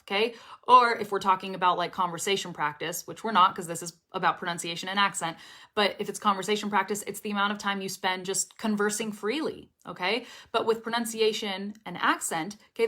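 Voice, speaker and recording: Young female teacher, casual, encouraging, checks in constantly, mid pitch. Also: fairly bright tone. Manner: chatty, encouraging, often checks in with "okay?" and "right?". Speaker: English pronunciation teacher. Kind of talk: casual spoken lesson to camera.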